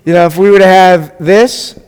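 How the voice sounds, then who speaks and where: A man's voice: sits high, steady tone, normal speed, a little mellow, smooth. A man, a rabbi, teaching a live Hebrew class, drilling sounds with the students and making joking asides. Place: congregation classroom. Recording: long reverb in a hall.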